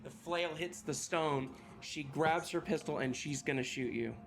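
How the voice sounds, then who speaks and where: Un hombre que dirige una partida de rol de mesa y narra la acción de forma relajada y directa, soltando alguna palabrota. Su voz es algo aguda para un hombre. Se oye ruido de fondo claro en la grabación casera. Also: male voice, a little high, a little slow, gravelly, background noise. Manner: relaxed, matter-of-fact narration with casual swearing. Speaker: game master. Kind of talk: narrating a tabletop game.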